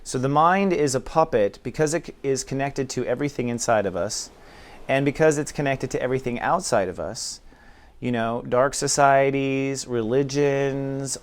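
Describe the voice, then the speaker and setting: A man acting as spiritual teacher, talking casually and acting out inner dialogues in quoted voices. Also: medium pitch. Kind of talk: casual spiritual talk to camera.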